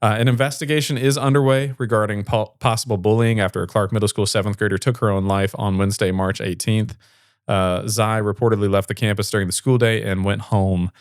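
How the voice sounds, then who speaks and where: A man's voice: fairly low pitch, steady tone, a little fast, no echo, clean studio sound. A man hosting a local news show, reading stories and chatting casually with a rambling manner and many fillers. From Fayette area. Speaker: local news podcast host.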